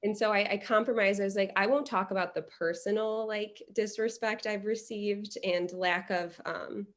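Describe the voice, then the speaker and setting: A young adult woman from Illinois, a podcast guest telling a story in a lively, conversational way, with many restarts. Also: mid-range voice, moderate pace. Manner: animated, many restarts and quoted dialogue.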